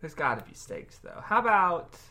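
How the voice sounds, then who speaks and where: A man's voice: sits high, sing-song, normal speed, bright, forceful tone, slight background noise. A man co-hosting a podcast in casual chat, rambling and laughing often. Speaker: podcast co-host.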